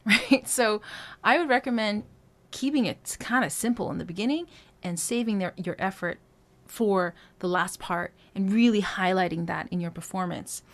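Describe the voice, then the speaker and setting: A woman vocal coach teaching a singing lesson, explaining phrases note by note in a conversational way. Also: medium pitch. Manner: explains step by step, breaking phrases into notes; conversational, frequent "right?" and "um".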